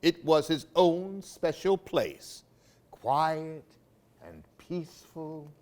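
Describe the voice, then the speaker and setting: A man's voice: on the high side, sing-song, very slow, a little mellow, slight background noise. A man reading picture books aloud for children, with playful asides to young listeners. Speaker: library storytime reader.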